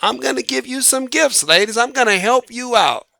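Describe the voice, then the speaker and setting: A man's voice: very high-pitched, animated, moderate pace, gravelly, bright, forceful tone, no echo, pitched above the performer's own voice, exaggerated voice. A man voicing Mother Nature as a bossy motherly female bouncer who coaxes and commands.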